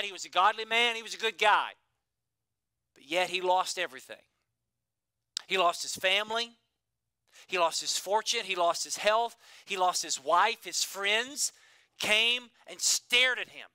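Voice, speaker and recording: Pastor, male, higher-pitched voice, dry close sound, preaching with repetition and sudden hushed drops. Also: clean tone, no room sound. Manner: preaching with emphatic repetition, swinging between loud and hushed. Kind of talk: sermon.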